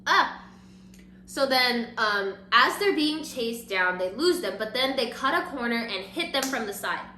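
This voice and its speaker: A young woman recapping a drama in casual, animated chat while doing her makeup, saying "like" constantly. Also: fairly high pitch, normal speed, slight background noise. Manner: animated, gushing, heavy use of "like"; talks while applying makeup. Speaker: beauty vlogger. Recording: roomy echo.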